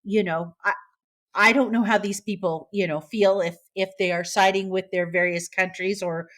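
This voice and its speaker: A woman's voice: medium pitch, fairly even intonation, moderate pace, fairly bright tone. Chatty woman co-hosting a news podcast. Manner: chatty, many restarts and fillers. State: tearful. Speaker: podcast co-host. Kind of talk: casual news chat.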